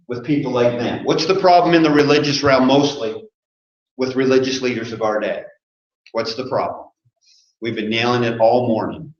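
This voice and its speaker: Heard in a roomy, muffled church recording, a man with a medium-pitched voice preaches at a normal speed. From the pulpit of the sanctuary, he engages the congregation with questions and jokes throughout his sermon.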